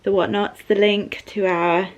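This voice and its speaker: A woman's voice: mid-range voice, flat delivery, measured pace, dull audio. A woman in her thirties from the UK, chatting casually to camera in a vlog from her couch at home, giggling as she goes. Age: 30s. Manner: chatty, giggly, often laughing. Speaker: vlogger.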